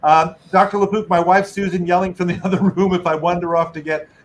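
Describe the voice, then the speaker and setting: A chatty middle-aged man on a video call, tossing in little jokes as he reads. His voice sits a bit high for a man, and there is a faint hiss behind him. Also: level tone, brisk. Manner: chatty, jokey, reads donations aloud with asides. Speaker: medical correspondent co-hosting. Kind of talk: casual video call chat.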